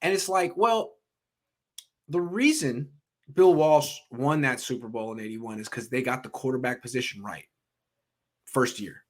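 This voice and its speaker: A man's voice: medium pitch, unhurried, pauses often. A man hosting a sports podcast, ranting with profane, emphatic bursts in heated sports talk.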